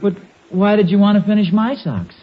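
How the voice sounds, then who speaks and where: A man's voice: sits high, expressive, brisk. A man acting a sheepish, stammering husband in a 1940s radio sitcom, muffled old recording.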